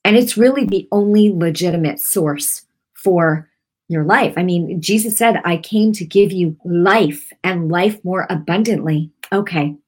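A woman's voice: fairly low pitch, a little slow, a little mellow. A woman hosting an online ministry broadcast, teaching a devotional message in an earnest, conversational way with many asides.

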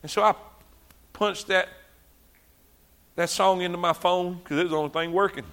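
A male preacher delivers a fervent sermon in a high, bright voice. He talks conversationally and repeats phrases to drive his points home. His delivery is loose, with frequent restarts as he gathers momentum. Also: steady tone, normal speed.

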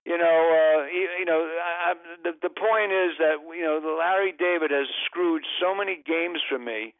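Older man, comedian, rambling story, self-interrupting, exasperated asides, slightly high voice, tinny phone line. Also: moderate pace, dry recording. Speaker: comedian, guest.

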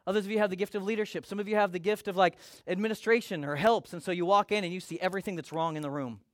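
High-voiced man preaching a sermon. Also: rapid-fire, no room sound, studio quality. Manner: conversational, animated, acts out quotes. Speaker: pastor.

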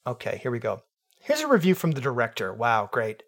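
Male comic reviewer, deadpan sarcasm, rambling asides, mid-pitch voice. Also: brisk. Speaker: film reviewer. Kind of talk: comedic review monologue.

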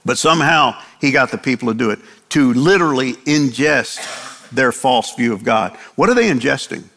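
A man's voice: mid-range voice, animated, normal speed, gravelly, a bit bright, big-room sound. An older man preaching a sermon in a conversational way, acting out quotes from the text. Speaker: pastor.

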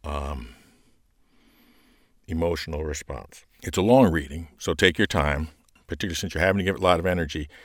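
A man, hosting a podcast that coaches scripture readers, talking casually with fillers and breaking into loud proclaiming when he reads aloud. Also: a bass voice, no echo, studio quality. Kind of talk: casual teaching talk.

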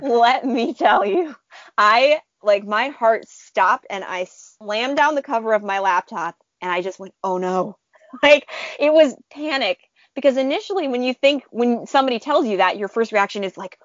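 Woman guest, fan artist, lively storyteller, muffled close mic. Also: fairly high pitch, normal speed, no echo. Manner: animated, chatty, frequent laughs and fillers. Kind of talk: casual storytelling interview.

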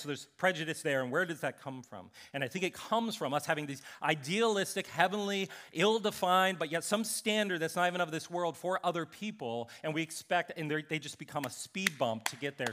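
Bright-voiced pastor preaching animatedly. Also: male voice, on the high side, fairly quick. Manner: conversational, animated, acts out scripture characters. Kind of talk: sermon.

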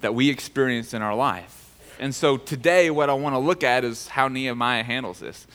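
A man's voice: medium pitch, normal speed, fairly bright tone, in a large hall. A male pastor preaching a sermon in a casual, joking way.

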